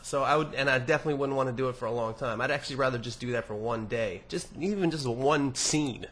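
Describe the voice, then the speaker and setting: A man's voice: medium pitch, fast, a bit bright. A young man hosting a podcast, reading listener emails aloud and answering them in a rambling, profane, casual monologue with many restarts.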